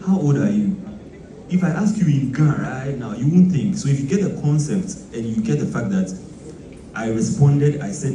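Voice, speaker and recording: A Ghanaian bass player explaining music in a casual, animated teaching talk, full of rhetorical questions. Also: male voice, normal speed. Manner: animated, mixing quoted voices and rhetorical questions. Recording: echoey room, mic from far off, noisy.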